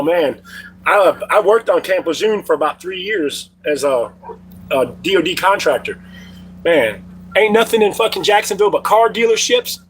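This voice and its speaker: A man's voice: high-pitched, a little hiss or hum, low-quality recording. A middle-aged man hosting a casual livestream from home, telling loose, profane stories to his chat. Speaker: livestream host.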